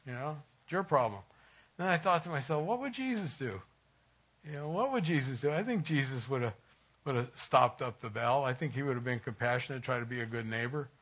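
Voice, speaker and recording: A man's voice: medium pitch, brisk, a bit bright. A middle-aged man giving an informal, conversational sermon at a church, folksy and chuckling at times as he tells stories. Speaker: church speaker.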